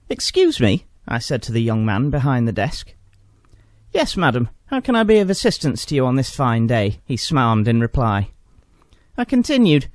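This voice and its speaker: Bloke putting on a prissy high mum voice, fussy and affronted, swoops around a lot. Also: male voice, dry recording, clean studio sound. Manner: indignant, genteel then sweary. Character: prim middle-aged mother complaining at shop.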